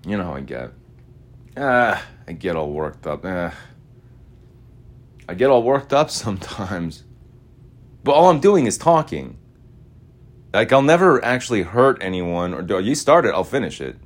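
Deep-voiced guy from Utah, restless, rambling solo talk with loud and mumbled stretches. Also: very animated, unhurried, pauses often. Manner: restless, repetitive, swings between loud chanting and mumbling asides. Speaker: podcaster. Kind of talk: rambling monologue voice message.

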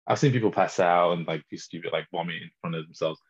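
A man's voice: deep voice, quick pace, breathy edge, lo-fi sound. A man, co-hosting a casual podcast and telling stories with lots of laughter. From northern England. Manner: animated storyteller, laughs often. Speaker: podcast co-host. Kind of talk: casual chat.

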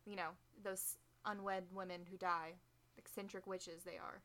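A woman's voice: medium pitch, little pitch movement, a little slow, pushed and bright. A woman co-hosting a podcast, casually retelling a history story with joking asides and lots of "um" and "like". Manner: chatty, joking asides, frequent "um" and "like".

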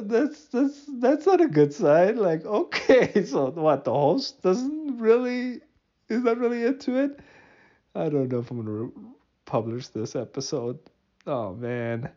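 A man's voice: on the high side, dark tone, dull audio. A man hosting a solo podcast, rambling and joking at his own expense, with many fillers and restarts. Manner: rambling, self-mocking, frequent fillers and restarts; laughs often at himself. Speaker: podcast host.

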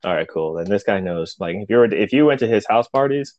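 A man telling loud, profane stories from his military years in a casual chat, laughing often. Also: fairly low pitch, expressive, brisk, no echo, dull audio.

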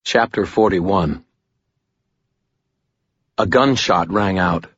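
A man narrating an audiobook in a steady, measured storytelling voice. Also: low-pitched, breathy edge, no echo, dull audio. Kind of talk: scripted narration.

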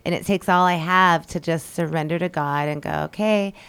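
A woman co-hosting a radio talk show, talking earnestly about spiritual growth in a casual, animated way from a radio studio. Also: low-pitched, brisk, clean tone. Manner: earnest, animated, builds ideas aloud.

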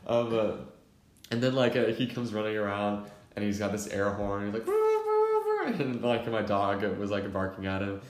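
A man's voice: fairly low pitch, fairly even intonation, normal speed. A young man co-hosting a podcast, telling a story animatedly with lots of fillers and laughter. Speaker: podcast co-host. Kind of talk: casual storytelling chat. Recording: roomy echo.

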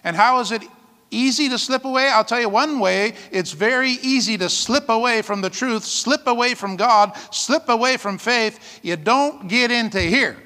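A man preaches a sermon with a high, bright voice that carries a long reverb from the hall around him. His delivery is lively and conversational, and he keeps checking in with the congregation. He breaks into light laughter between his points. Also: normal speed. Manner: lively preaching, frequent "amen?" calls, laughs often. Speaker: pastor.

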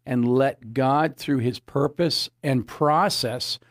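A man's voice: mid-range voice, takes it slowly, no echo. Earnest man preaching, dry sound. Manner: earnest, repeats phrases, quotes scripture. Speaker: pastor. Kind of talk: preaching sermon.

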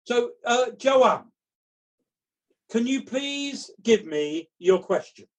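A man's voice: extremely high pitch, sing-song, very slow. A man hosting a comedy quiz over a video call, reading out answers with playful mock drama. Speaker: quiz host.

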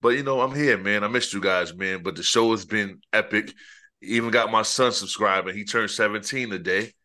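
A middle-aged man on a podcast talks in a relaxed, teasing way. His voice is very low, yet it has a bright, clear edge. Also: moderate pace. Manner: laid-back, teasing. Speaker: podcast co-host. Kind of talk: casual podcast chat.

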